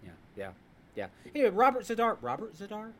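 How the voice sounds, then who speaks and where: Animated ranting podcast host, a man. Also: high voice, fast talker. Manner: animated, ranting, jokey storyteller. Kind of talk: casual chat.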